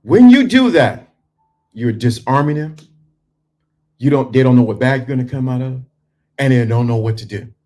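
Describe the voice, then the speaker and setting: Male motivational speaker, mid-pitched, emphatic, with quiet calm stretches. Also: normal speed, long pauses. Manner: emphatic, swings from punchy to hushed and calm. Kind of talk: motivational talk to men.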